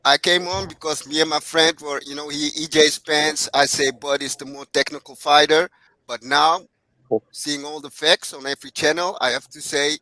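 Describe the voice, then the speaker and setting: A man with a Caribbean accent calling into a show, speaking in halting, restarting sentences. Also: fairly high pitch, steady tone, sharp tone, no room sound. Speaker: caller. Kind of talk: casual call-in chat.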